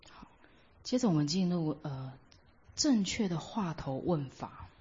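A woman teaching Buddhist meditation, explaining each point with examples in a measured way. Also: deep voice, sing-song, dark tone, husky. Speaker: dharma teacher. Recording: dull lo-fi recording.

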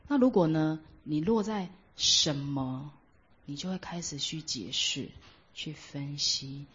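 A woman teaching Buddhist meditation, explaining each point with examples in a measured way. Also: deep voice, fairly bright tone, a little hiss or hum. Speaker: dharma teacher. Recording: dull lo-fi recording.

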